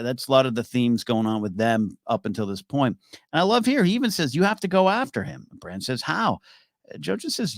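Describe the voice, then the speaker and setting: Animated man hosting a recap podcast. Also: mid-range voice, dry recording, studio quality. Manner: animated, enthusiastic, many restarts. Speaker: podcast host. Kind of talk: solo TV episode recap commentary.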